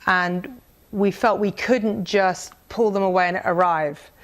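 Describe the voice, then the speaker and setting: A woman's voice: medium pitch, slow pace. Earnest middle-aged woman telling a testimony. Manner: conversational, earnest, with many restarts and reading aloud a prayer. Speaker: speaker sharing a mission testimony. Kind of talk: personal testimony talk to a church group.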